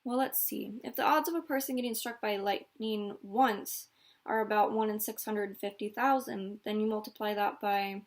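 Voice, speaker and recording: A woman voicing a bright, bookish young girl in a storybook read-aloud, speaking gently and thoughtfully. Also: mid-range voice, steady tone, moderate pace, natural voice. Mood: gentle.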